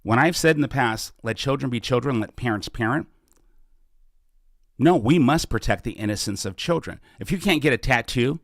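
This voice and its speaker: An earnest middle-aged man hosts a live question-and-answer session, his sentences halting and full of restarts. His voice sits at an ordinary middle pitch. The sound is dry and close, with no room echo. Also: animated. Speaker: podcast host and political candidate. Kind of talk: live Q&A, casual campaign talk.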